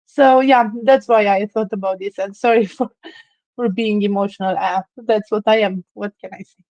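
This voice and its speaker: A woman speaks in an earnest, emotional way and tells a story slowly, pausing often. Her voice has a middle pitch. The sound is dry and close. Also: fairly even intonation, darkish tone, no echo, muffled recording. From Romania. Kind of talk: casual chat.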